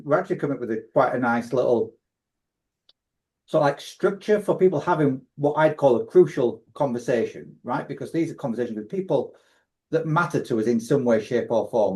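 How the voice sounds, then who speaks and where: This man hosts a podcast and sums up advice point by point, often restarting his sentences. His voice is warm and relaxed, sitting at a middling pitch. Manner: recaps points as a list, with frequent restarts. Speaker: coach and podcast host. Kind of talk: casual podcast discussion.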